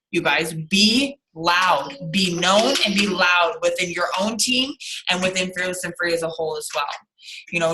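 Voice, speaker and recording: A woman's voice: on the low side, sharp tone, slight background noise, poor audio. A woman leading a team video call, upbeat and motivational, repeating phrases for emphasis. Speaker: team leader.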